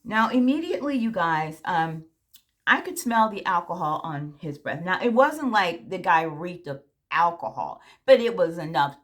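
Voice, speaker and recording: A woman's voice: fairly low pitch, fairly bright tone. A woman vlogger telling a story in a casual, chatty way, talking straight to her viewers, frank and candid. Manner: chatty, addresses viewers directly.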